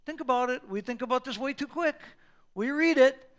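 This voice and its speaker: A male pastor preaching a sermon, animated and acting out Bible scenes with props and quoted voices. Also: very high-pitched, moderate pace.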